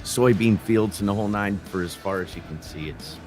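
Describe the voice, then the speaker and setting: A man's voice: lowish voice, brisk, darkish tone, soft background music. A man from Illinois, a guest on a livestream, telling stories in a plain-spoken, earnest way. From Illinois, USA. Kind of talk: casual chat.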